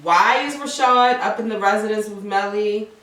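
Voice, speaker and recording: A woman's voice: medium pitch, normal speed, a bit bright, reverberant, far from the mic. A woman casually recapping a TV episode with a co-host. She swears freely and acts out the characters' lines. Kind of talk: casual profane chat.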